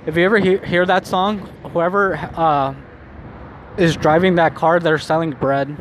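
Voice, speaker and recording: A man's voice: a little high, fairly even intonation, unhurried. A young man vlogging while he walks outdoors, rambling casually and saying "like" constantly. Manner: rambling, heavy use of "like". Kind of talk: casual walking vlog monologue. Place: outdoors on city streets. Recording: phone recording with clear street noise. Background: street traffic and city noise.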